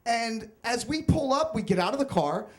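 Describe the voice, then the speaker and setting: A man's voice: very high-pitched, animated, normal speed, a bit bright. A young man telling a comic, self-mocking personal story on stage at a live storytelling event.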